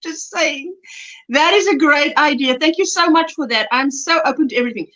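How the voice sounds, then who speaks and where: A woman's voice: high voice, brisk, pushed and bright. Lady chatting on a crochet stream, laughs a lot, kinda dull lo-fi sound. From South Africa. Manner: chatty, laughs often, reads viewer comments aloud. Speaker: livestream host. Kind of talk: casual chat while crocheting live. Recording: lo-fi livestream audio.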